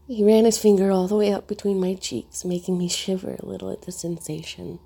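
Gravelly, husky woman narrating softly. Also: medium pitch, flat delivery, fairly quick. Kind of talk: first-person story narration.

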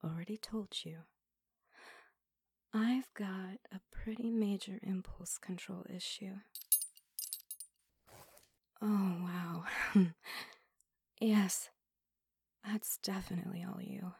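A woman's voice: medium pitch, fairly even intonation, mellow, no echo, studio quality, heavily acted. A woman voicing a teasing android in whispered role-play. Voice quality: breathy whisper. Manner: teasing, playful, slow and intimate. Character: flirtatious teasing female android, new to feelings.

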